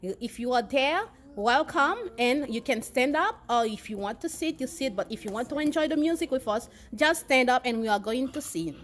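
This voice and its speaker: A woman's voice: sits high, animated, moderate pace, hardly any pauses. A woman with a French accent hosting a church children's program, greeting the kids and leading them in song. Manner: cheerful, addresses children directly.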